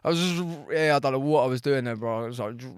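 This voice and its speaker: A man in his thirties, a podcast guest telling stories in animated street slang. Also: medium pitch, racing, smooth, no room sound, clean studio sound. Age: 30s. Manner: animated storytelling full of street slang and swearing. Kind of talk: casual storytelling interview.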